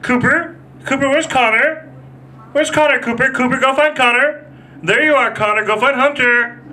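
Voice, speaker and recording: A man voicing a young suburban mother calling out to her little boys in a high, sing-song voice. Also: normal speed, pushed and bright, heavily acted, low-quality recording.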